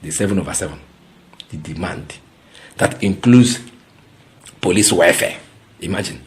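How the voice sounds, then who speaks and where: A man's voice: low voice, animated, normal speed. A man with a Nigerian accent giving ranting political commentary, mocking and incredulous, slipping into Pidgin and repeating words for effect.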